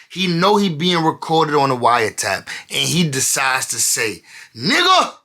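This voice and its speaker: A man giving animated, slang-heavy commentary while reading from court documents. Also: medium pitch, gravelly. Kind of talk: casual commentary.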